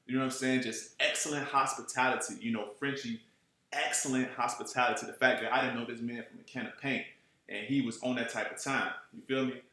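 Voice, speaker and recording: Animated man telling a street story in an echoey room. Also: mid-range voice, brisk. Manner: animated, profane, streetwise slang, keeps asking "you know what I'm saying". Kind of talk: casual storytelling.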